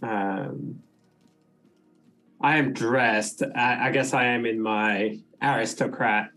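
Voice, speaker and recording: A man playing a tabletop role-playing game, thinking aloud in halting, unfinished sentences. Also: medium pitch, steady tone, bright, forceful tone, soft background music. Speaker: player. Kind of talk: casual game talk.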